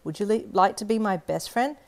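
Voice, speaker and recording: An Australian woman voicing a bossy, cheerful four-year-old girl in an audio story, high and loud. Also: brisk, natural voice. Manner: high-pitched, loud and proud.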